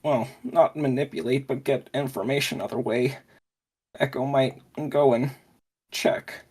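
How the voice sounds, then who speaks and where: Slow, husky man in clipped halting speech. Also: mid-range voice, fairly even intonation, darkish tone. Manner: halting clipped grammar, speaks of himself in third person. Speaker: player.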